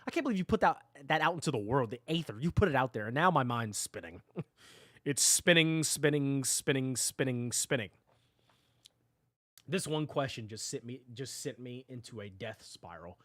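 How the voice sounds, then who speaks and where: A man's voice: medium pitch, a bit bright, no room sound, studio quality. A man streaming a game live, ranting at his chat with mock drama and repeating himself. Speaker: gaming livestreamer.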